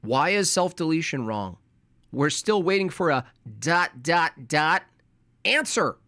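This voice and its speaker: An American man giving sarcastic, argumentative commentary on a debate clip, speaking in rapid bursts. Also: fairly high pitch, very animated, pushed and bright, no room sound, studio quality. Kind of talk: casual commentary.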